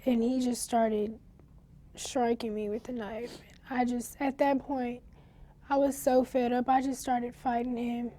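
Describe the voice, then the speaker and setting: Teenage girl, interviewee, high voice, halting shaken delivery, pauses and restarts. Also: level tone, warm tone. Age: teens. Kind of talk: recounting a personal ordeal in an interview.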